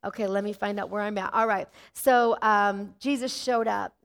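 A middle-aged woman pastor preaching an animated sermon and often calling out "amen". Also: mid-range voice, normal speed, creaky, clean tone.

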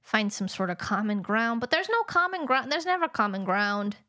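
A woman's voice: fairly high pitch, sing-song, normal speed, pushed and bright. A woman from Utah co-hosting a podcast, musing and searching for her words in casual chat. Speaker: podcast co-host.

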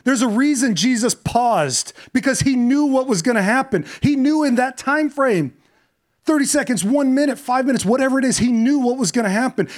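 A man preaching a sermon, retelling a story with shifts from quiet, hushed passages to impassioned, louder ones. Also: extremely high pitch.

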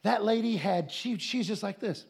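A man preaching a sermon as a comic story, animated and laughing, often acting out voices. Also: high voice, normal speed, gravelly, breathy edge.

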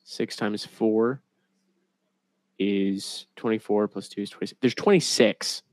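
A man's voice: fairly low pitch, measured pace, dry recording. Young guy rambling on a dry mic. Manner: rambling, animated, laughs at own jokes. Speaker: podcast co-host. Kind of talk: casual chat.

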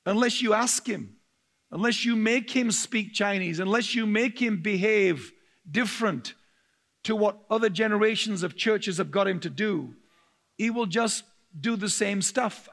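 A male pastor preaching a sermon, telling stories with humor, laughing often and getting very animated. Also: high-pitched, gravelly.

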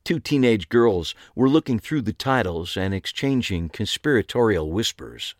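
A man's voice: deep voice, sing-song, moderate pace, hardly any pauses, no echo, clean studio sound. A man narrating a first-person audiobook in a wry, conversational way.

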